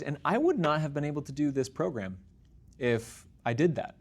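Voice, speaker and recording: A man's voice: on the high side, animated, normal speed, breathy edge. A young adult man hosting his own show, talking to the camera in an earnest, upbeat and encouraging way. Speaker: podcast host. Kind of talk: casual solo talk to camera.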